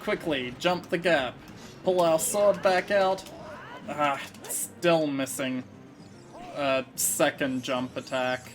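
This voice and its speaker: A man's voice: fairly high pitch, takes it slowly, soft background music. A man casually commentating his video game playthrough, musing through his moves with a slight frog in his throat. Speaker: let's play host.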